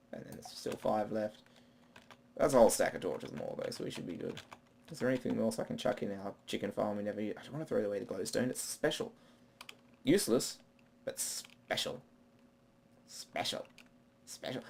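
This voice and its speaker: Gravelly, lively man rambling. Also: mid-range voice, slight background noise. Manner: rambling, talks to himself. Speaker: gaming channel host. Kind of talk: let's play commentary.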